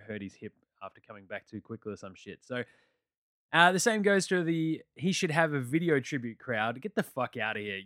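A man's voice: mid-range voice, a bit bright, no room sound, clean studio sound. An Australian man hosting a casual basketball recap, blunt, joking and full of swearing. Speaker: basketball podcast host.

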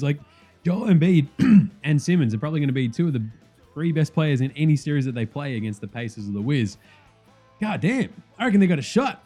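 A man hosting a casual sports podcast, rambling fast and swearing freely. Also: on the high side, slightly rough. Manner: animated, profane, fast rambling. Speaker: podcast host.

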